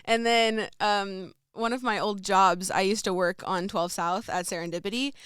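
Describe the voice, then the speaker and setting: A young woman chats as a podcast guest, giggling often and filling gaps with casual fillers. Her voice is smooth and clear at a middle pitch, close-miked in a dry studio. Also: fairly even intonation, normal speed, fairly bright tone, no echo. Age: young adult. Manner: giggly, chatty, lots of fillers. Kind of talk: casual chat.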